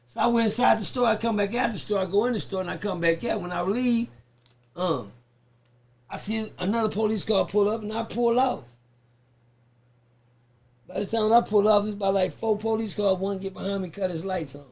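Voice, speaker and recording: Fairly quick and high-pitched, this podcast guest spins a foul-mouthed, animated tale in easy chat. He performs the voices of everyone he quotes along the way.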